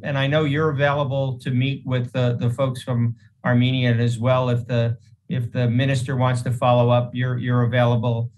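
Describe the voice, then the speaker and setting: A man's voice: medium pitch, flat delivery, darkish tone, rough recording. A man hosting a meeting and giving earnest public remarks, often restarting his words. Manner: earnest, halting with repeated restarts. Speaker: state senator hosting a meeting.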